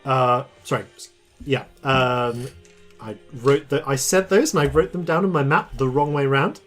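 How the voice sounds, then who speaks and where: A man's voice: mid-range voice, moderate pace, a bit bright, soft background music. A man narrating as dungeon master, laughing often and stopping to restart his sentences. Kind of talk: narrating a tabletop game.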